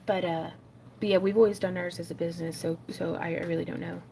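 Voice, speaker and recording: A woman's voice: lowish voice, steady tone, brisk, creaky, noisy background. A woman hosting a craft livestream, chatting casually and rambling with frequent laughs while she makes jewelry. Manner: chatty, rambling, laughs often, many fillers.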